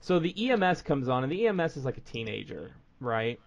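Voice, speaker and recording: A man's voice: medium pitch, very animated, fast, vocal fry, highs cut off. A man hosting a podcast, telling stories in rambling casual chat full of fillers. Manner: rambling storytelling with many fillers. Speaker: podcast host.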